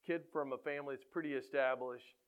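A middle-aged man, a football coach, tells faith stories to a room with lively energy, his voice sitting in an ordinary middle register. He gets loud and punchy whenever he acts out what people said. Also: mid-range voice, a little fast, smooth. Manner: animated, gets loud when acting out quotes. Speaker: high school football coach. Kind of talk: faith-based storytelling talk.

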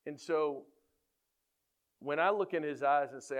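A middle-aged man, a high school football coach, giving a faith-based storytelling talk in an animated way. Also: measured pace. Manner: animated, gets loud when acting out quotes.

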